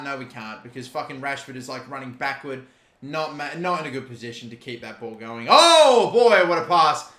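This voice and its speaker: A young man with an Australian accent, giving live gameplay commentary, excitable and swearing, shouting at big moments. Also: fairly high pitch, roomy sound. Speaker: gaming YouTuber.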